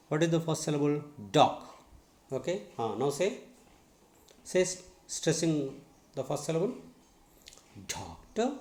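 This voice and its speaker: Slow, echoey Indian English teacher. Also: male voice, fairly high pitch, darkish tone. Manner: repeats words to model stress, drills students. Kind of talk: slow spoken lesson. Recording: echoey room.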